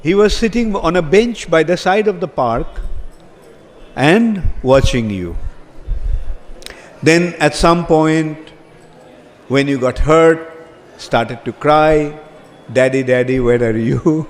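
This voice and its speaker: A man's voice: on the high side, expressive. A man giving a sermon as a spiritual teacher, asking his audience questions as he speaks. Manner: slow, asks the audience questions. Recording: long reverb from a hall, faint ambience.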